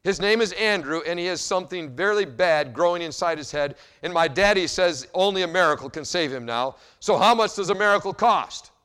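A determined little girl in a sermon story begs over and over, her voice pushed high and loud, as a man acts her out. She is insistent and earnest. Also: animated, brisk, few pauses, clear, resonant tone. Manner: pleading, insistent.

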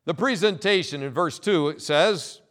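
High-pitched emphatic preaching man. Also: fairly bright tone. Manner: emphatic preaching with repeated phrases and dramatic pauses. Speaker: pastor. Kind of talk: sermon.

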